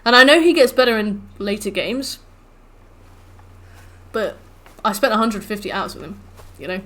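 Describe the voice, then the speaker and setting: A woman streamer chatting casually in a live stream, telling stories in an animated, rambling, profane way. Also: mid-range voice, normal speed.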